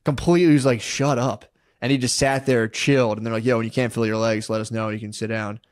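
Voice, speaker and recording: A young man rambles through a story on a podcast, tossing "dude" into nearly every line and dropping into a lower register to act out what people said. His voice sits at an ordinary middle pitch. The sound is close and dry, with no room around it. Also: steady tone, fast talker, smooth, no echo. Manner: rambling storyteller, says "dude" constantly, acts out quotes in a low voice. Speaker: podcast co-host. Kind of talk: casual chat.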